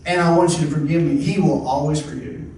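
A man preaching a folksy, rambling sermon, his slightly high voice carrying from a distance. The sound is very echoey, with faint noise behind. He restarts often and talks like he's chatting with the congregation. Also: steady tone, fast talker, a little mellow. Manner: conversational, repeats and restarts, folksy exclamations. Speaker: pastor.

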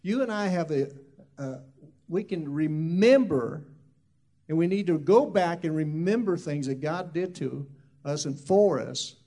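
A man's voice: on the high side, measured pace, warm tone. A man who is a minister, telling a loose, rambling testimony story full of asides.

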